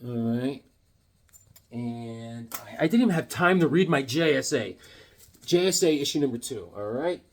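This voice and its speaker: Brief: male comic vlogger, lively up-and-down delivery, goofy punchlines, loose casual chat. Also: medium pitch, moderate pace. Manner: animated, cracks corny jokes, sudden yelps. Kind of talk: casual show-and-tell chat.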